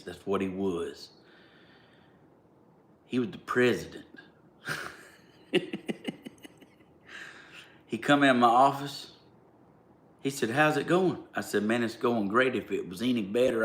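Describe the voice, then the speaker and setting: A man with a Georgia-style Southern accent tells a story straight to the camera. His voice sits a little low, and he talks in a blunt, plainspoken way with an indignant edge. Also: unhurried, long pauses, fairly bright tone. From Southern United States. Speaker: vlogger. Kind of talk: casual storytelling.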